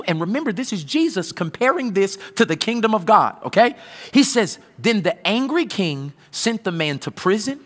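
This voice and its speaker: A man delivering a sermon, his voice high and sharply bright. He swings wildly in pitch, bursting into loud peaks and then dropping to hushed, low lines. The sound rings with the long reverb of a big church hall. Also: big pitch swings, moderate pace. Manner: preaching with sudden loud outbursts and hushed low passages. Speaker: pastor.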